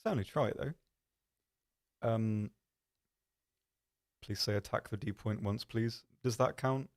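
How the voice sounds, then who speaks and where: Man, low voice, casual stream chat, rambling, self-deprecating. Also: unhurried. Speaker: stream host.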